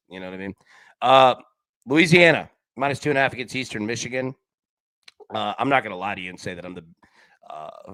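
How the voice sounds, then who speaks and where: A man's voice: lowish voice, a bit bright, no echo. A man hosting a live sports betting show, chatting casually with viewers and giving his picks, with slang and frequent restarts.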